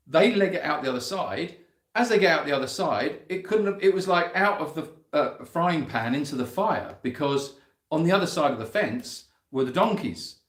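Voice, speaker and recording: Animated man telling a farm story. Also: mid-range voice, roomy sound. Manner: animated, breaks into laughter, rising voice as story builds. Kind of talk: casual storytelling to camera.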